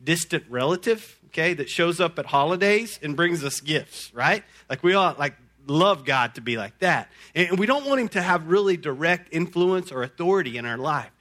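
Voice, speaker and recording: A man preaching a sermon to a congregation, folksy and energetic, often repeating words as he talks. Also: fairly high pitch, moderate pace, few pauses. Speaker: pastor.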